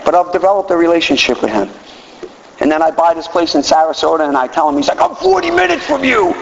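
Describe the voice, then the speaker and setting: A man in his fifties giving an animated, self-mocking personal talk as a recovery speaker. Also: fairly high pitch, fast. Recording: distant hall, dull and noisy.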